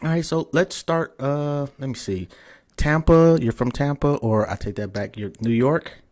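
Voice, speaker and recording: A man's voice: medium pitch, normal speed, darkish tone. A man hosting a podcast interview over a remote call, casual and profane, repeatedly checking whether his guest can hear him. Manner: loose and profane, frustrated with tech trouble. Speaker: podcast host.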